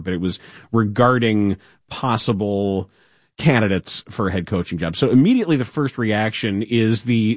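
A man hosting sports talk radio, telling stories in a lively voice and slipping into quick impressions. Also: lowish voice, no echo, clean studio sound. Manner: animated storytelling, does quick voices. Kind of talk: casual talk radio monologue. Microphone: studio mic.

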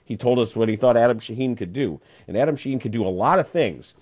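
A man's voice: medium pitch, lively intonation, quick pace, darkish tone, slightly rough, highs cut off. A man hosting a casual sports talk radio show, rambling and repeating words as he laughs his way through listener texts.

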